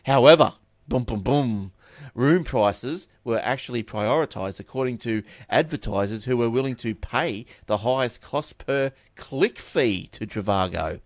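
A man's voice: medium pitch, animated, measured pace, few pauses, no room sound. An Australian man hosting a tech podcast, reading news stories with chatty, offhand asides and repeated words. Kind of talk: casual chat and news reading.

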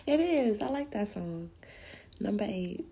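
Gravelly, lively woman podcast host. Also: medium pitch, measured pace, a little hiss or hum. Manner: profane and animated, often quoting people in put-on voices; loose rambling delivery with frequent laughs. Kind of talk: casual chat.

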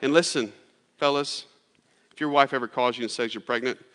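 Speaking fairly quickly in a mid-range, fairly bright voice with fairly even intonation, this pastor shares his sermon like a casual story. Fillers such as "like" and frequent restarts fill his talk, and the sanctuary adds a long hall reverb.

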